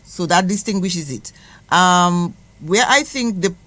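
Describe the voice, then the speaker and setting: A woman's voice: lowish voice, lively intonation, a bit bright, no room sound. Brief: woman, radio studio guest, methodical teacher, spells out sounds and repeats examples. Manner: slow, patient, repeats example words. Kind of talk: explaining pronunciation on radio.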